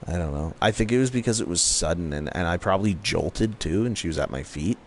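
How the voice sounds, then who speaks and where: A man's voice: deep voice, expressive, brisk, slight background noise. A man chatting casually while gaming, rambling through a story with lots of fillers. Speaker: co-host.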